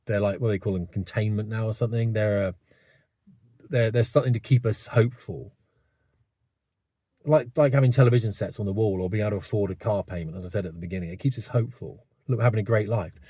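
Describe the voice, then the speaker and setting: A man's voice: fairly low pitch, fairly quick, warm tone, dry recording, clean studio sound. A man, delivering a rambling, blunt opinion monologue to camera with many asides. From England. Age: 50s. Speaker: vlogger.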